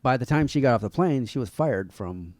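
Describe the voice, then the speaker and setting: A man's voice: mid-range voice, animated, brisk, darkish tone, no echo. A man co-hosting a podcast in casual chat, rambling and hedging, with frequent swearing. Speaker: podcast co-host.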